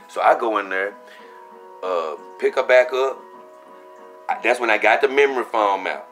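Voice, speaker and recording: A young man casually telling a story for his vlog, animated and profane, acting out what he said at the time. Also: fairly low pitch, moderate pace, pauses often, over music. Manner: animated, profane, acts out his own quotes. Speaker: vlogger.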